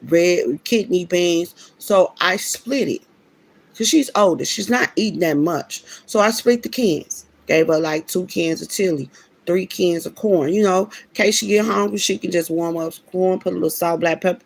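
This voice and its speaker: A woman's voice: lowish voice, moderate pace, creaky, no echo. A woman telling a personal story in a casual, preachy way, emphatic and slangy, often restarting her sentences. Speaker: vlogger.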